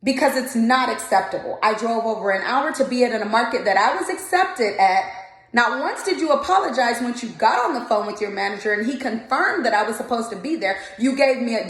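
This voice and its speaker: A woman's voice: fairly high pitch, expressive, fairly quick. Indignant woman venting, echoey room. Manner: indignant, retells dialogue in quoted voices. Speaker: vlogger, mobile candle vendor. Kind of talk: casual storytime rant to camera.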